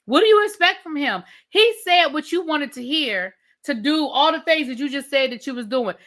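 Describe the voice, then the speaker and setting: Bright-voiced sassy woman ranting. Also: high-pitched, moderate pace. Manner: animated, sassy, blunt with profanity. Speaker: TV show reviewer. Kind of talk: casual rant review.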